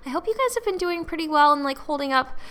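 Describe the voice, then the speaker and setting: Bright-voiced chatty woman podcast host. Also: high-pitched, animated, quick pace. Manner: rambling, chatty, many "like" fillers. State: tearful, has been crying. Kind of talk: casual solo podcast talk.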